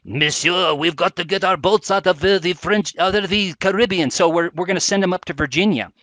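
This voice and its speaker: A man faking a hurried Frenchman. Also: high voice, a bit bright, no echo, voice pushed up. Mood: urgent. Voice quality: bad French accent. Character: man from France, hurried naval officer.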